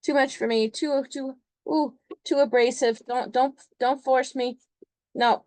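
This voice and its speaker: Brief: a whiny, timid shell-hider voiced by a woman, high and dry. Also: steady tone, unhurried, a little mellow, no room sound. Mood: shrinking. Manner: whiny, fretful refusing. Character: timid shrinking Cancer moon, hiding in its shell.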